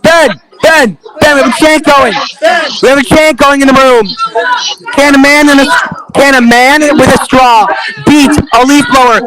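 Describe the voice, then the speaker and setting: A young man commentating a live race event, excitable, with calls that build into rapid repetition. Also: extremely high pitch. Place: indoor room with a chanting crowd. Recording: noisy room with cheering crowd.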